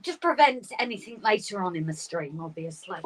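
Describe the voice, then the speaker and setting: A woman co-hosting a casual livestream from a garden shed, talking excitedly and laughing often. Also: mid-range voice, fairly quick. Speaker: livestream co-host. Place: garden shed with model railway. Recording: slightly distant mic with faint room noise.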